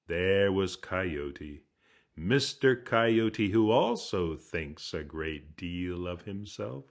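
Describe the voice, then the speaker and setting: A male storyteller with a lowish voice narrating a folk tale. He takes his time, letting phrases hang and dropping into a hush for dramatic moments. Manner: slow, hushed, dramatic telling.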